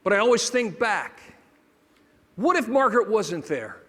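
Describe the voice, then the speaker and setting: Middle-aged male keynote storyteller, a touch high-pitched, humorous with quiet heartfelt turns; long hall reverb. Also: very animated, a little slow, breathy edge. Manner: humorous, builds to hushed emotional moments. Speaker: motivational speaker.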